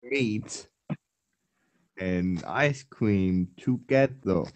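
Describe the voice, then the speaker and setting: Slow, deadpan low-voiced man. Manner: blunt, deadpan. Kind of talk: casual chat. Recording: dull, muffled stream audio.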